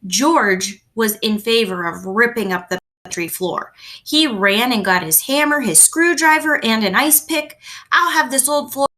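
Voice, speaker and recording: A woman reads a children's chapter book aloud at home, telling the story in a gentle, expressive way. Her voice is bright and clear, sitting somewhat high for a woman. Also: measured pace. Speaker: reader.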